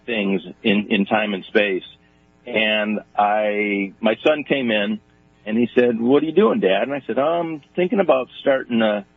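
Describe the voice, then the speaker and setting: A man's voice: lowish voice, slightly rough. A man calling in to a radio interview as a guest, telling a story with many hesitations. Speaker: guest entrepreneur. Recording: tinny phone line on radio.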